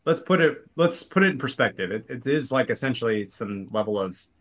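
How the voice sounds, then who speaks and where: A man's voice: medium pitch, expressive, a little fast, fairly bright tone. A man co-hosting a tech podcast in casual chat, rambling with many restarts and fillers. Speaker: podcast co-host.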